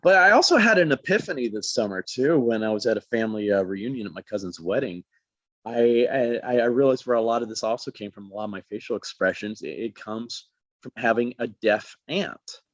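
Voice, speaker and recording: A man speaking as a guest in a casual interview, an animated, expressive storyteller. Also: medium pitch, a little fast, no room sound, highs cut off. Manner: animated, expressive storyteller who jumps into voices. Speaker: guest, actor.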